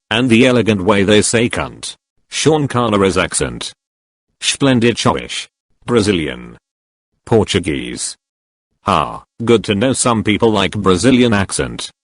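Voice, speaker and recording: Male narrator, lowish and animated, reads comments back to back, dry voice-over. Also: no echo. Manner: reads each comment in quick succession. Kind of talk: reading online comments aloud.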